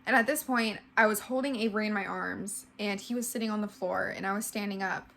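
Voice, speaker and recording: A woman's voice: mid-range voice, steady tone, a little fast, vocal fry, a bit bright. A woman in her twenties giving a casual storytime vlog, emotional and full of "like". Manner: heavy use of "like", emotional retelling. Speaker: vlogger.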